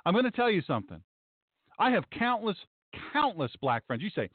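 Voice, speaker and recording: A sarcastic male pastor hosts a commentary show, repeating himself for emphasis. His voice is high and swings widely. The audio is dry and narrow, like a phone line. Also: very animated, fairly quick, no room sound. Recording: dry, tinny phone-like sound.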